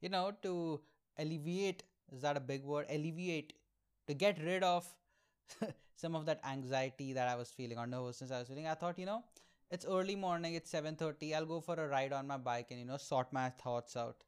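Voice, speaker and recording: A man's voice: fairly high pitch, brisk, clear, resonant tone. A man, telling candid, profane, self-mocking stories on his solo podcast. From India. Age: 20s. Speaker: podcast host and aspiring comedian.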